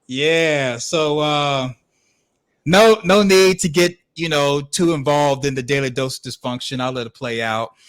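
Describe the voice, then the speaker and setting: A man's voice: on the high side, a little slow, fairly bright tone, smooth, no room sound. A man co-hosting a podcast, giving laid-back, wry commentary on a clip with plenty of fillers. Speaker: podcast co-host. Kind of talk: casual commentary.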